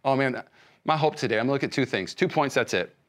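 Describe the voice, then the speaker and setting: A male pastor giving a sermon, speaking conversationally with many restarts and swinging between loud emphasis and soft hushed lines. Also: medium pitch, lively intonation, fast. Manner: frequent fillers and restarts, conversational preaching.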